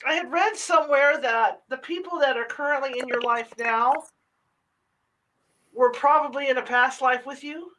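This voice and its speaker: Woman host with a high voice, brief affirming replies, set back from the mic. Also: normal speed, a bit bright, recorded from a distance, low-quality recording. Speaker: podcast host. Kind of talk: casual interview.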